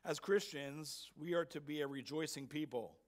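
A male pastor delivers a sermon in a somewhat high voice. He stresses his points and keeps asking the congregation rhetorical questions. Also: normal speed. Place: church sanctuary.

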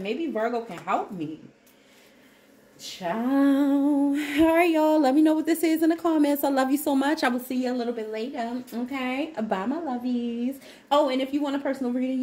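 A woman's voice: high-pitched, fairly quick, darkish tone. Laughing woman reading tarot, echoey room. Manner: laughing, exclaiming, talks to viewers as y'all. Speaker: tarot reader. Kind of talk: casual tarot reading to camera.

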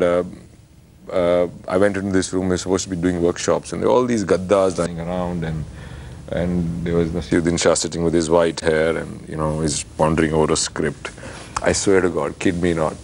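A man, a guest on an interview show, telling lively stories with stammered restarts and acted-out quotes. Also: sits low, a little hiss or hum. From India. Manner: animated storyteller, acts out quotes, stammers at the start of phrases. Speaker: actor guest. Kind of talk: casual interview chat.

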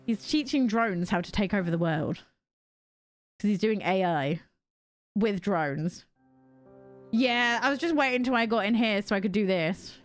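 A woman's voice: medium pitch, expressive, a little slow, soft background music. A young British woman streaming a cozy game, chatting casually with viewers in a giggly, self-mocking way. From Britain. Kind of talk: casual gameplay chat with chat readers.

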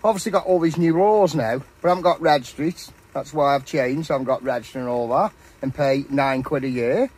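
A man's voice: medium pitch, brisk, hardly any pauses, a little mellow, husky. A man chatting casually and matily while cooking outdoors at a campsite. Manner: chatty, matey, rambling. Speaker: vlogger.

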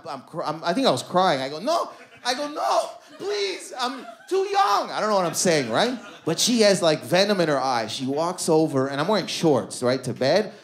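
A man with a Canadian accent performing stand-up on a comedy club stage, telling stories and acting out the voices of the people in them. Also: a little high. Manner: animated storytelling, acting out voices.

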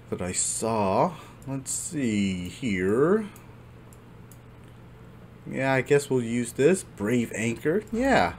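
A man gives casual, excitable commentary over his gameplay, laughing often as he goes. His pitch swings widely from low mutters to high yelps. A faint hiss sits under the recording. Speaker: gaming channel host.

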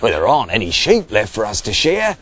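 A man's voice: fairly low pitch, wildly swooping pitch, a little fast, a bit bright, husky, full character voice. A man voicing a jealous, grumbling male sheep shearer in a storybook reading. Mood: indignant.

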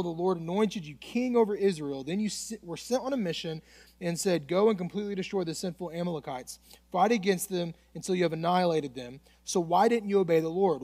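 A young man preaching a casual, conversational sermon as a student pastor, acting out the Bible dialogue as he reads. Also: fairly high pitch. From United States.

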